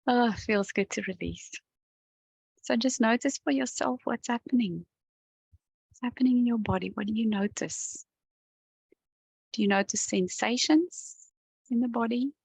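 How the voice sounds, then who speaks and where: Her voice sits on the high side yet comes out gravelly and a bit husky as this EFT tapping coach leads a calm, slow session to camera, gently taking the viewer through every step. Recorded close on a dry mic with no room echo, she stops occasionally to yawn or sigh as she relaxes.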